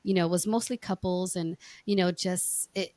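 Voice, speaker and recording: A woman's voice: on the low side, fairly even intonation, normal speed, warm tone, no room sound. A middle-aged woman hosting a podcast and chatting casually, telling stories and acting out what people said. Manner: chatty storyteller, acts out quoted lines. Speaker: podcast host and life coach.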